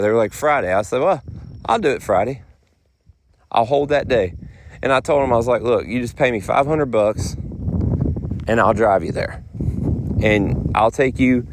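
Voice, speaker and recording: A man's voice: mid-range voice, slight background noise. A middle-aged man, rambling through a casual podcast monologue in folksy phrasing. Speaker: podcast host.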